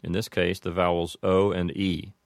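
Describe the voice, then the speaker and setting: A man explaining Latin pronunciation in a measured, methodical way, slowing down for each example. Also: sits low, level tone, gravelly, dry recording, clean studio sound. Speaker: language teacher.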